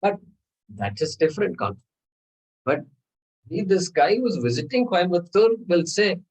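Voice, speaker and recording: A man's voice: sits high, lively intonation, normal speed, slightly rough, low-quality recording. A man teaching a scripture class, explaining patiently and repeating phrases, with Sanskrit terms mixed in.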